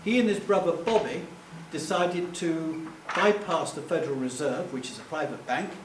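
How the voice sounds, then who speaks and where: A man gives a rambling, self-deprecating live talk in a fairly high voice. He is picked up from a distance in an echoey hall. A faint hum runs underneath. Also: normal speed. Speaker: public speaker.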